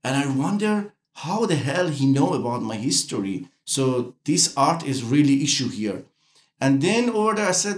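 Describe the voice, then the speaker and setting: A man from Iran, giving a documentary interview in halting English full of restarts. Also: mid-range voice, very animated, echoey room. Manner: halting non-native English with frequent restarts. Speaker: interviewee artist.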